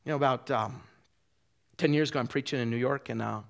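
A middle-aged itinerant preacher talks fast in a mid-range, gravelly voice during an animated sermon. He swings between quiet tenderness and loudness, often restarting his words.

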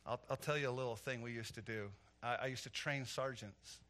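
A middle-aged man preaching a sermon, telling stories with animated energy that swells into loud, emphatic preaching. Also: mid-range voice, fairly quick. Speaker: pastor.

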